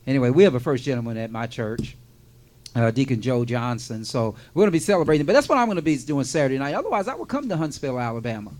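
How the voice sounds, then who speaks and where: A man's voice: medium pitch, big pitch swings, fast, darkish tone. A man hosting a radio show in casual chat, joking and repeating words for emphasis.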